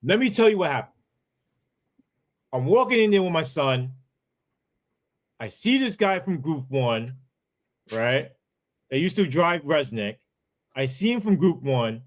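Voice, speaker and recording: A man's voice: fairly high pitch, expressive, moderate pace, pauses often. A man, a former police sergeant who tells his story as a podcast guest in a heated, profane way, full of asides.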